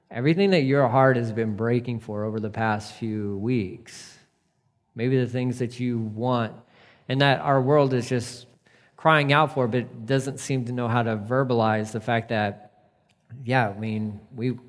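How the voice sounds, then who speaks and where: A man preaching a casual, conversational sermon, moving from emphatic points to hushed, tender passages. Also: mid-range voice. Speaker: pastor. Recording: long reverb of a hall.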